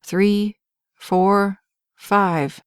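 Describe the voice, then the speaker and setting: A woman reading a male firefighter who talks gently and patiently to reassure a scared child, in an audiobook. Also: mid-range voice, steady tone, drawn-out words, clear, resonant tone, no echo, clean studio sound. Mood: soothing. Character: calm, soothing male firefighter.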